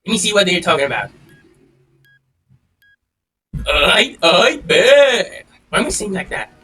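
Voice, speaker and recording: An excitable young man talks his way through a game, trash-talking and swearing as his voice jumps all over the place. He sits a bit back from the mic, and loud game music plays behind him. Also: high-pitched, rapid-fire, recorded from a distance. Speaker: gaming channel host. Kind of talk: casual gameplay commentary.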